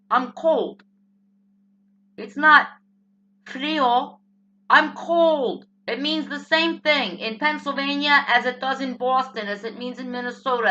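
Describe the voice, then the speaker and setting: A woman's voice: high-pitched, moderate pace, few pauses, sharp tone, muffled recording. A woman with a New Jersey accent delivering a blunt, profane comic rant as a political commentator. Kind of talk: ranting comic monologue.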